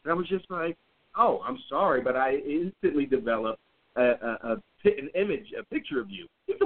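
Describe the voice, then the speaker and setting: A blunt, profane man talks in a fairly high voice, and his pitch swings widely as he tells the story. The audio is thin and tinny, like a phone line. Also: expressive, brisk, gravelly. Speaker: podcast co-host. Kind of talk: casual chat.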